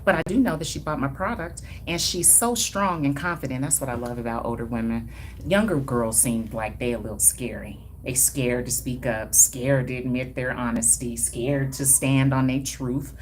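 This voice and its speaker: A woman from Denver, Colorado who styles hair and owns a brand chats emphatically with livestream viewers, throwing in sassy colloquial asides and laughs. Her voice is very deep, at a normal speed, with slight background noise.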